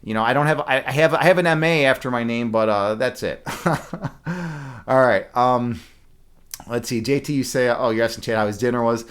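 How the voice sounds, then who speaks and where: Male streamer, mid-pitched, rambly and filler-heavy, chatting with viewers. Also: a little fast, fairly bright tone, smooth. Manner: rambling, many fillers and restarts; laughs at his own jokes. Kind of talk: casual chat with live chat.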